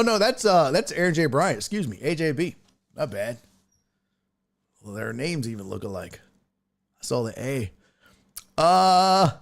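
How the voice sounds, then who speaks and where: A man hosting a sports podcast, casually teasing listeners and reading out fantasy league scores. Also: mid-range voice. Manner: playful teasing, reads fantasy league results. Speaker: podcast host.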